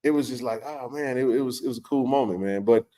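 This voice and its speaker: A man hosting a live stream, telling a personal story in a loose, animated way with lots of fillers and restarts. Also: medium pitch, quick pace. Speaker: livestream host. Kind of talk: casual storytelling to a live chat.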